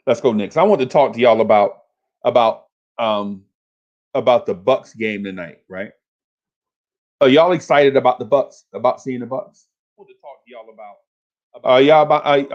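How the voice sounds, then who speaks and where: A man's voice: medium pitch, a little mellow, dull audio. A man hosting a fan livestream, talking casually and hyping up his chat in repetitive, slangy calls.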